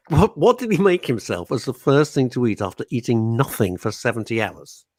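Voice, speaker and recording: A husky-voiced man co-hosts a casual radio show, teasing and laughing as he tells stories. His pitch swings widely from line to line. The sound is dry and close, with no room around it. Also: moderate pace, dry recording. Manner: teasing, laughs a lot, lively storytelling. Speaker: radio co-host. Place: radio studio.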